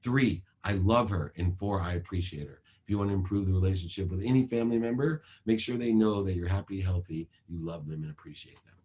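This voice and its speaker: A man in his forties giving a motivational talk over a video call, measured and emphatic, ticking through points like a list. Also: low-pitched, warm tone. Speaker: motivational speaker.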